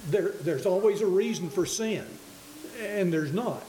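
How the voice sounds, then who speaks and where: A man preaching a sermon in an earnest, halting way, often restarting his words, in a church hall. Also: sits high, warm tone. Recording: echoey room with faint hiss.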